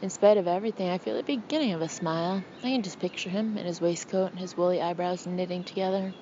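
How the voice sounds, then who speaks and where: A woman narrating an audiobook in the first person, with an expressive, intimate, anxious delivery. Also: fairly low pitch, quick pace, lo-fi sound, background noise.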